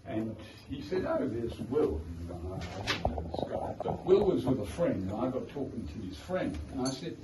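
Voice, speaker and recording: A man's voice: mid-range voice, sing-song, moderate pace, hardly any pauses. A man with a South African accent, an author telling amused, rambling anecdotes at his book launch. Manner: rambling, self-amused storytelling with frequent digressions. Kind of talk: casual anecdotal speech. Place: indoor event room with guests. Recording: echoey room, distant mic, noisy.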